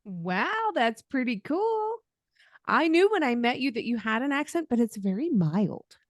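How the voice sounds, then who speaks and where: A woman's voice: a little high, big pitch swings, measured pace, no room sound, studio quality. A woman with a faint Southern American accent, hosting a podcast interview in a chatty, easygoing way. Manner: warm and chatty, laughs easily. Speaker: podcast host. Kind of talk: casual interview.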